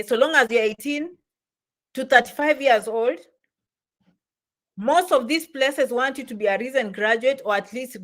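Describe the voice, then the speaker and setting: A woman giving casual advice, lively and repetitive, often checking "okay?" and "you understand?". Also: a little high. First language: not English. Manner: animated, repeats "okay?" and "you understand?", acts out quoted voices. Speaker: immigration advice vlogger. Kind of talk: casual explainer talk.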